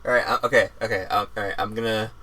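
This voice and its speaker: A man's voice: on the low side, fairly even intonation, rapid-fire, bright, forceful tone. A young man streaming a game live, rambling, repeating himself and swearing as he plays.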